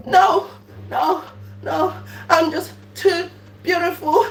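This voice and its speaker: Slow sing-song woman, mock-wailing. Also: high-pitched, animated. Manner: drawn-out, repetitive, mock-wailing. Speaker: comedic content creator. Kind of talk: improvised sing-song comedy riff. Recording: echoey room, far from mic, faint hum.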